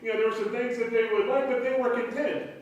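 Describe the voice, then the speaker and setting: A man's voice: very high voice, steady tone, fast talker, muffled recording. A man preaching a conversational sermon as pastor, rambling and full of fillers and restarts. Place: church sanctuary. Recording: very echoey hall, voice far from mic.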